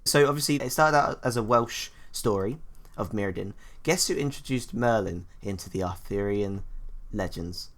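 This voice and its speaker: A man's voice: fairly low pitch, normal speed, fairly bright tone. A man co-hosting a casual gaming chat, who laughs often and stumbles over names. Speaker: gaming video co-host.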